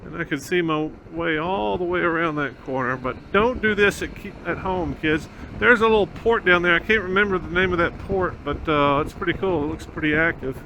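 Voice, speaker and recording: A man's voice: on the high side, fairly quick, few pauses, bright, forceful tone, a little hiss or hum. A man riding a motorcycle outdoors on a country road, talking through a helmet mic in rambling, casual commentary with many fillers. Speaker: motorcycle vlogger. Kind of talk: casual ride-along commentary.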